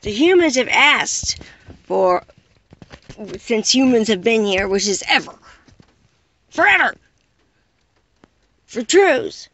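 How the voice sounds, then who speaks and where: A woman's voice: a little high, sing-song, slow, pauses often, fairly bright tone, poor audio. A woman delivering an impassioned, exasperated monologue full of rhetorical questions. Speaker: caller addressing unseen listeners.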